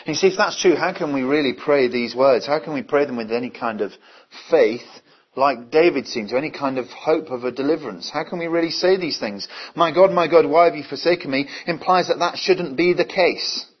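A man's voice: medium pitch, animated, brisk, husky. A man preaching a sermon earnestly, asking his listeners many rhetorical questions. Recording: dull, lo-fi recording.

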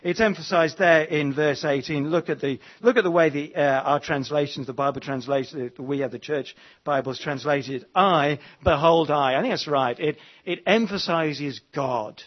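A man's voice: fairly high pitch, moderate pace, few pauses, muffled recording. A man preaching an evening sermon, emphatic and repeating his words, with frequent fillers. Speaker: pastor.

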